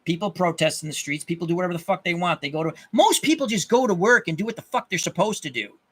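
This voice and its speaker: An angry man rants to his viewers in a high, bright voice. He swears a lot, restarts sentences and hammers the same point again and again. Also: animated, fast talker, breathy edge. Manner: angry, profane, repeats himself in bursts. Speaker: channel host. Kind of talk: ranting monologue to viewers.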